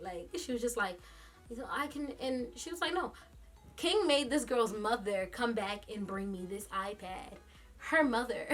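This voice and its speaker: A woman vlogger telling a story in casual chat, animated, laughing often and quoting others in quick asides. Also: on the high side. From New York.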